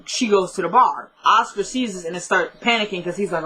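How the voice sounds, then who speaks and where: A woman's voice: medium pitch, a little fast, pushed and bright, husky. A woman casually retelling a TV episode, chatty and full of fillers like "like" and "she goes". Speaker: TV recap vlogger.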